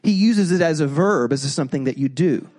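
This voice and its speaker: A man preaches with a high, light voice. He is animated and conversational from the pulpit, now and then acting out the people he quotes. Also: a little fast. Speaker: pastor. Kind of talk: sermon.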